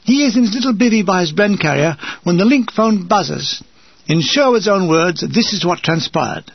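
An older man from England reading a war memoir aloud with a dry, wry comic delivery and a gravelly, husky voice. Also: high voice, lively intonation, normal speed, no echo, highs cut off. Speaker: narrator.

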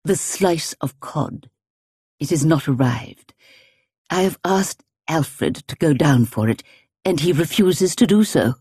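A woman voicing a haughty middle-aged housekeeper in an audiobook, with a deep voice and overly precise diction. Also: lively intonation, slow, dark tone, breathy edge, no room sound, clean studio sound, full character voice. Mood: prim. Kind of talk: audiobook character voice.

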